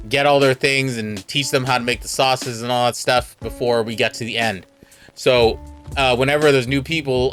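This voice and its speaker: A man's voice: medium pitch, a bit bright. A Californian man streaming, telling a rambling, self-mocking story with a laugh.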